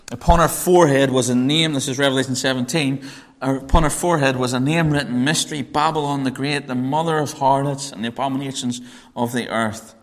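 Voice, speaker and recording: A man with a Northern Irish accent preaching a Bible teaching sermon, conversational, with joking asides. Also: fairly bright tone. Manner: conversational, joking asides, pitch rising when stressing points.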